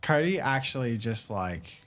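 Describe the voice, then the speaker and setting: A woman's voice: extremely low pitch, big pitch swings, unhurried, fairly bright tone, faint music behind. A woman playing in a tabletop role-play game, with a wry, teasing manner. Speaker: player.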